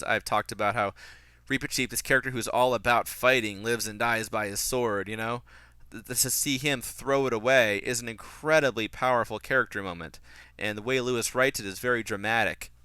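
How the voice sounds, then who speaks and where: A young man giving a casual, critical film commentary, animated and restarting his sentences often. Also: mid-range voice, smooth, dry recording. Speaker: podcast host reviewing a film.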